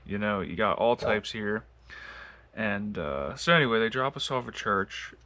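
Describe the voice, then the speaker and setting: A man's voice: on the low side, lively intonation, unhurried, sharp tone. A man from the United States casually telling a travel story, rambling with lots of fillers and laughing as he goes. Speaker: long-distance walker vlogging.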